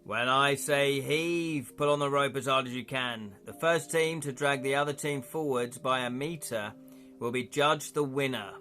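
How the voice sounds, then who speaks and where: A man voicing a male arena officer who loudly announces the rules of a contest. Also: mid-range voice, moderate pace, faint music behind, close to an everyday voice. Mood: commanding.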